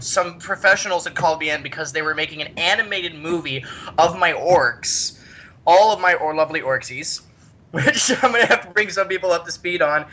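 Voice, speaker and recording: A young man hosting a podcast, telling a rambling story in an excitable, giggly way. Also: high-pitched. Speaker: podcast host. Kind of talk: casual storytelling chat.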